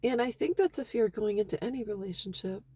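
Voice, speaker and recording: A woman's voice: mid-range voice, a little fast, warm tone, slightly rough, no echo. A middle-aged woman talking candidly and with feeling in a personal vlog about her family and marriage. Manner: candid, emotional and heartfelt. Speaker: vlogger.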